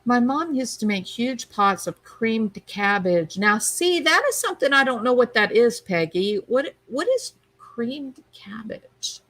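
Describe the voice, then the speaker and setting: Woman chatting on her stream, unhurried, reading comments out loud. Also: on the high side, sing-song, poor audio. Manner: chatty, reads viewer comments aloud. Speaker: livestream host reading chat. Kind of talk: casual chat.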